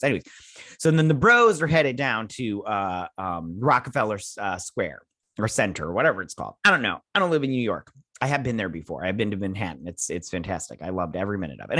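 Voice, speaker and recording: A man's voice: lowish voice, no echo, clean studio sound. Casual rambling male show recapper. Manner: rambling, many fillers, quotes characters in a flat voice. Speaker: show host reviewing a TV episode.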